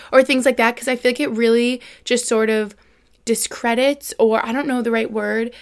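Young female podcast host, casual and earnest, filler-heavy, somewhat high-pitched. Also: fairly even intonation, moderate pace. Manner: rambling and chatty, many "like" fillers; earnest and emotional. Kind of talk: casual solo podcast chat.

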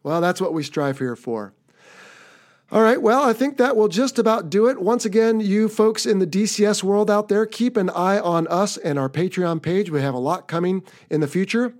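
An American man hosts a podcast in an easy, chatty manner. His voice sits a little high for a man and carries an upbeat, rambling energy. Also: animated, fairly quick, a little mellow. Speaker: podcast host. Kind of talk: casual podcast talk.

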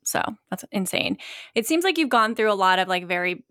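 A woman's voice: medium pitch, lively intonation, a little fast, sharp tone, no room sound, clean studio sound. A woman hosting a podcast who asks easygoing questions in casual chat, with frequent "like" and short murmurs of agreement. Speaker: podcast host. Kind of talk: casual interview.

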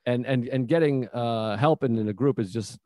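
A man's voice: mid-range voice, normal speed, dark tone, dry recording, clean studio sound. Candid, profane man in casual chat. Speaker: comedian.

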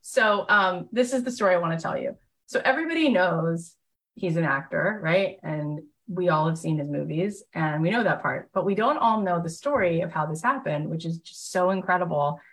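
Gushing, chatty woman coach, fairly low voice. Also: expressive, brisk. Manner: gushing, enthusiastic storytelling; chatty, heavy use of fillers like "like". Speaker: motivational host and coach. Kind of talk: live motivational workshop talk.

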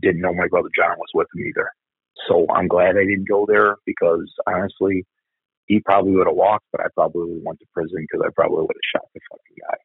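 Deep, gravelly and husky, the man talks fast in a level tone; there's no echo, and the audio is narrow and tinny. A middle-aged cop in a candid interview, he relates a family tragedy with blunt profanity and repeats himself as he remembers, in conversational storytelling.

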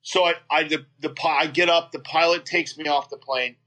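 A man with a bright, slightly raised voice tells a rowdy road story in a casual interview. He swears freely and restarts his sentences as the anecdote tumbles out. He sounds middle-aged. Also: fairly high pitch, moderate pace. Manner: profane, animated anecdote-telling with frequent restarts. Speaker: guest, metal singer.

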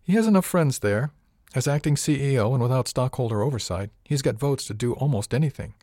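A man voicing a composed, wealthy young woman in an audiobook, calm and matter-of-fact. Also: medium pitch, fairly quick, no room sound, studio quality, voice pushed up, natural voice.

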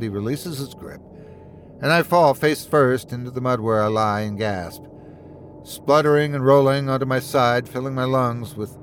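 A man narrating a first-person horror story in a measured, steady storytelling voice. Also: medium pitch, a little hiss or hum.

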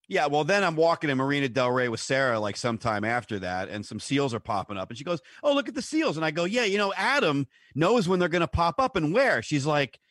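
A man co-hosting a podcast, excitable and incredulous, swearing freely as he tells a story. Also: a little high, fairly quick, few pauses, no room sound, clean studio sound. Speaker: podcast co-host. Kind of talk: casual chat.

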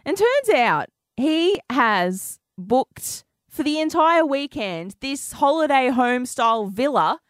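A woman on breakfast radio, telling a story with a fairly high voice that rises and falls a lot. She acts out each quoted line as she goes. The sound is close and dry. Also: slow, few pauses, dry recording. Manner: lively storytelling, acting out quoted dialogue. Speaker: radio co-host.

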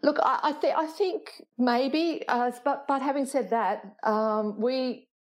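Speaking slowly in a high-pitched voice, a woman who used to be a police officer recounts anecdotes in a conversational interview. Laughter comes often, and she restarts sentences as she goes.

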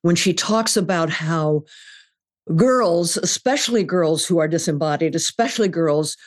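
A woman's voice: on the low side, animated, a little slow. An older woman speaking as a podcast guest, reflective and emphatic in her talk. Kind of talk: podcast conversation.

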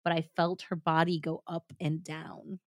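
A woman voicing a troubled woman who confesses in a soft, subdued voice. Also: sits low, flat delivery, measured pace, no room sound, studio quality. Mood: hushed.

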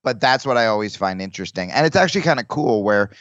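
A man's voice: on the low side, animated, fast talker, a bit bright, dry recording. Rambling man on a dull, dry mic. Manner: rambling, restarts, acts out quoted lines. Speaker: comedian guest. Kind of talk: casual podcast chat.

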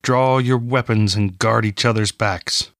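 A man voicing a stern, commanding male warrior who leads a group, giving terse orders in a lower, quieter voice than his narration. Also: fairly even intonation, measured pace, no echo, studio quality.

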